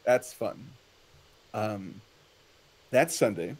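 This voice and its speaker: A man hosting a casual chat, asking questions in an animated way. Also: fairly low pitch, very slow, slightly rough. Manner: animated, questioning, laughs often. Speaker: host.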